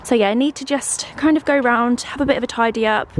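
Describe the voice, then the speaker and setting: A woman's voice: a little high, quick pace, recorded from a distance, a little hiss or hum, poor audio. A woman with an English accent chatting casually in a home vlog, bubbly and thinking aloud as she tastes food, then tidies the garden. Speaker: lifestyle vlogger.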